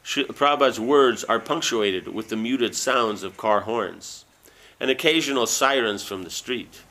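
A man reading a book aloud and breaking off into loose, halting asides full of fillers. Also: medium pitch, bright, forceful tone. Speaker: reader.

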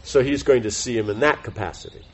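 Husky man giving a rambling class. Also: mid-range voice, quick pace. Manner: rambling, many fillers and self-corrections. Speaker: spiritual teacher giving a class. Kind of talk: informal devotional class talk.

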